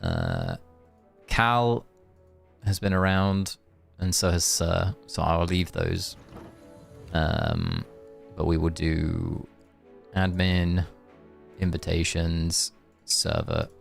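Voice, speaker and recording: A man's voice: low voice, wildly swooping pitch, very slow, vocal fry, long pauses, faint music behind. A British man chatting casually on a live game stream, playful and musing aloud as he talks.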